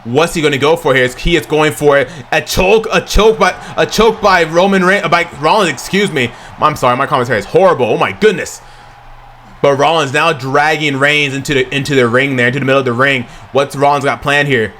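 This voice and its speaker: A man giving excited amateur play-by-play commentary over a video game, stumbling and correcting himself, then bursting into shouts at big moves. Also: a little high, fairly quick, a little hiss or hum. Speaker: play-by-play commentator for his own game session.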